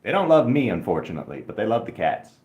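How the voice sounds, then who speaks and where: Low-voiced man rambling on a livestream. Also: sing-song, fast talker, a little mellow, echoey room. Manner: rambling, self-deprecating, coos at a cat. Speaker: streamer. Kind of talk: casual livestream chat. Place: indoors in an apartment.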